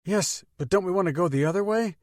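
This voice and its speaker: A man voicing a steady woman vice president on the run, calm and dry in his audiobook reading. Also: sits high, fast talker, dry recording, voice pushed up, close to an everyday voice. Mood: questioning.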